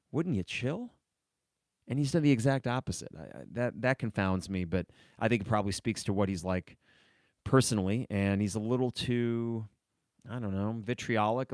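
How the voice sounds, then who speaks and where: A man's voice: mid-range voice, expressive, fairly quick, darkish tone, dry recording, clean studio sound. A man hosting a sports podcast alone, talking casually in a rambling, opinionated way and answering viewer comments. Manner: rambling, opinionated, reads live chat comments. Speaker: podcast host.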